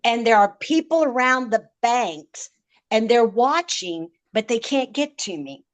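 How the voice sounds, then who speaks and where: High-voiced woman retelling a close call. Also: lively intonation, unhurried. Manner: vivid, emotional storytelling with frequent stammered repeats. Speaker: podcast guest. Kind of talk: recounting a personal story.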